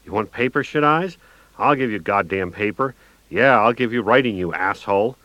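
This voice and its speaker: Frantic ex-con read by a male narrator, snarling and screeching, pitched up above a deep voice, dry dull lo-fi sound. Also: lively intonation, normal speed, pushed and bright, no room sound. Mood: manic screeching. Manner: snarling, screeching, manic outbursts. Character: unhinged jailbird man, drunk and high, volatile. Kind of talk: audiobook narration.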